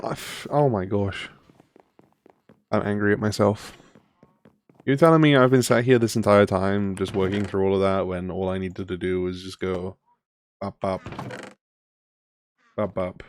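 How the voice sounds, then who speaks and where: A man's voice: on the low side, fairly even intonation, unhurried, pauses often, a little hiss or hum. A man in his twenties streaming a game, chatting casually, laughing often and rambling with lots of fillers. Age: 20s. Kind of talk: casual live-stream chat.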